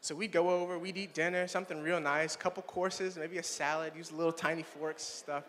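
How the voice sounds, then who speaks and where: This young comic, in his twenties, has a slightly high voice and a brisk delivery. He's lively and playful, addressing the audience directly during his stand-up set, and the sound trails off in a long hall reverb.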